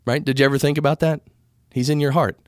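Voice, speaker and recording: An American podcast host talks casually about spirituality into a studio microphone, rambling and correcting himself as he goes. His voice is on the high side with a steady tone, he talks fast, and the recording is studio quality with no room sound.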